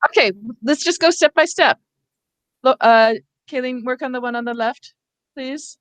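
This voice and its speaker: A woman's voice: high voice, moderate pace, no room sound. A woman leads teachers through a reading workshop over a video call, explaining patiently step by step.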